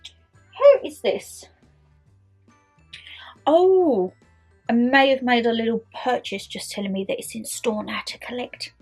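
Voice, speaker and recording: A bubbly woman in her twenties chats casually to her viewers, sounding friendly and familiar. Her voice sits a little on the high side. Faint background music plays under her talk. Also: steady tone, fairly quick, few pauses, slightly rough. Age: 20s. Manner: chatty, bubbly, calls viewers "my lovelies". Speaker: YouTuber. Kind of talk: casual year-end chat to camera.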